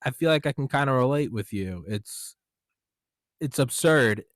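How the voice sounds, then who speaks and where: The young host's mid-range voice is animated but a little slow as he casually tells a story on his podcast, cursing often and quoting himself and others. Studio-quality audio, no echo.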